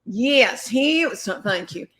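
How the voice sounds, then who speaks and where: A woman's voice: a little high, animated, slow, a bit bright. A middle-aged woman, a comedian guest, telling rambling anecdotes in casual chat. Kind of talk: casual storytelling.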